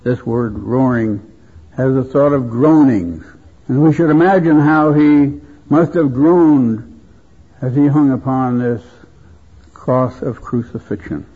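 A man preaching a sermon at a convention, speaking in a slow, measured, reverent way. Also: mid-range voice, slightly rough. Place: convention hall. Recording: tinny phone-like convention recording.

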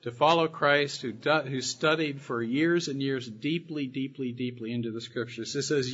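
A man giving a sermon-style Bible study, reading scripture passages slowly and with emphasis. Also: mid-range voice, fairly bright tone, slightly rough. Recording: dull lo-fi recording.

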